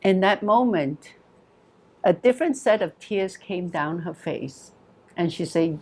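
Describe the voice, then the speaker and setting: A woman therapist recounting a story about a client in an earnest, measured way. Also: fairly low pitch, lively intonation, darkish tone, slightly rough.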